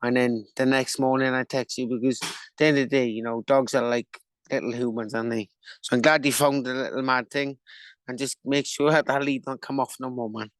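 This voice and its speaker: A man, a professional boxer, chatting as a guest over a remote call in a relaxed, jokey way and swearing freely. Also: medium pitch, fairly quick, dry recording. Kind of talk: casual interview chat.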